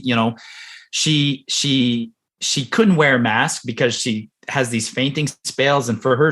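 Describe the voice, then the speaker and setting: A man's voice: mid-range voice, fairly bright tone. A man from Ontario, talking as an interview guest. He speaks emphatically and heatedly and repeats words when he gets worked up. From Ontario, Canada. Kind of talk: interview conversation.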